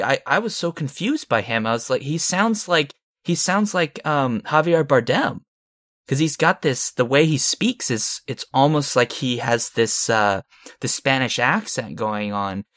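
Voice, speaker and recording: A man's voice: medium pitch, fairly bright tone, no room sound, clean studio sound. A man co-hosting a film podcast, giving frank opinions in a rambling, casual way. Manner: rambling, frank, with short laughs. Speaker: podcast co-host.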